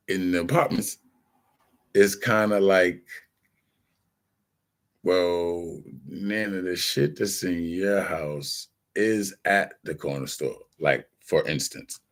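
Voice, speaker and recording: A man's voice: low-pitched, slow pace, pauses often. A middle-aged man telling a loose, profane, meandering story in a casual chat, acting out the people he quotes. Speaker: vlogger.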